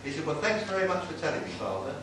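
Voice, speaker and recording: A cheeky old-time music-hall comic, as a man puts him on, rattling off saucy gags with brisk patter. His voice sits a little high. It comes from far off the mic in a very roomy venue with loud background noise. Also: big pitch swings. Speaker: tribute act comedian. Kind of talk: live stand-up with saucy gags. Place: live venue with an audience.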